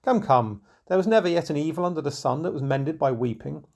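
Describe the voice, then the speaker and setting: A man voicing Robin Hood, a kindly outlaw who speaks in a soft, coaxing tone. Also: on the high side, animated, brisk, creaky. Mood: gentle.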